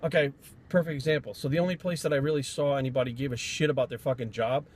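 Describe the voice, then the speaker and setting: A man's voice: medium pitch, fairly even intonation, fast talker. A man from Rhode Island, a fitness trainer, telling stories in a blunt, profane, rambling vlog rant.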